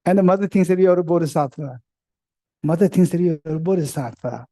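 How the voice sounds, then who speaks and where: Mellow-voiced man teaching a retreat. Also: on the high side, fast. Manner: playful storyteller who acts out everyday dialogue; repeats points and checks understanding with the audience. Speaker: Buddhist teacher. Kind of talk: dharma teaching to a retreat group.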